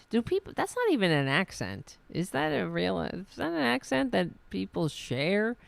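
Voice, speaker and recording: A woman's voice: mid-range voice, big pitch swings, slow, creaky, dry recording. A woman hosting a podcast of political commentary, sarcastic, mocking and profane. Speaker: podcast host.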